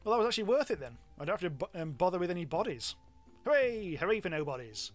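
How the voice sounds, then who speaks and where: A British man commentating a game stream in a loose, rambling, self-mocking way. His voice sits a touch higher than most men's. Faint game music plays quietly behind him. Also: very animated, very fast. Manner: chatty, rambling, self-mocking with frequent ums. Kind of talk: live gameplay commentary.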